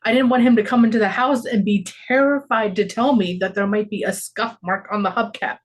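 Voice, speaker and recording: A woman's voice: mid-range voice, fairly even intonation, brisk. A woman in her forties co-hosting a podcast, chatting casually in a reflective way and laughing often. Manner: reflective, laughs often, talks about parenting. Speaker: podcast co-host. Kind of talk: casual chat.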